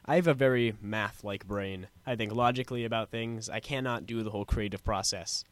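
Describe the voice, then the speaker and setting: A man on a talk show panel, explaining his ideas in a measured, step-by-step way. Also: lowish voice, no room sound.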